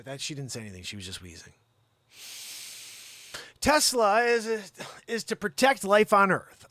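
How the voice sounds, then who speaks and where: A man hosting a comedy news show, reading stories with excitable asides, swearing and rants. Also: a little high, no room sound.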